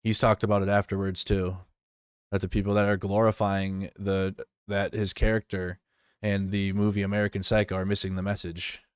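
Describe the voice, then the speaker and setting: A man talks loosely on a live stream, rambling, restarting and swearing as he reacts. His voice sits somewhat low and smooth, with a dry close sound and no room around it. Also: no echo. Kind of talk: casual live stream commentary.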